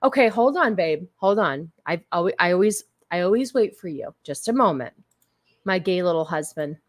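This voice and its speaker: A woman's voice: lowish voice, expressive, normal speed. A woman hosting a casual livestream who chats with her viewers. She is blunt, crude and joking, and she thanks her supporters effusively. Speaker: livestream host.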